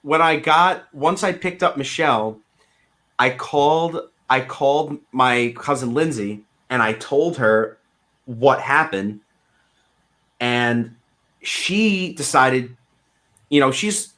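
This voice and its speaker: A man co-hosting a podcast, telling a story in casual, animated style and swearing freely. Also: mid-range voice. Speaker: podcast co-host.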